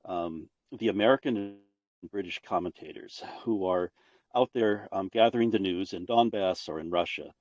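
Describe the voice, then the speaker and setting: An older man calling into a livestream, talking in a hesitant, halting way with many pauses and fillers. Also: low-pitched, darkish tone, no echo. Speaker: caller. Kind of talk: casual chat. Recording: dull lo-fi call audio.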